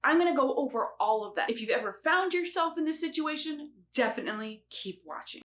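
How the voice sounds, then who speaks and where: A woman hosting a casual instructional vlog about sign language, upbeat and expressive, acting out the questions of confused learners. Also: sits high, brisk.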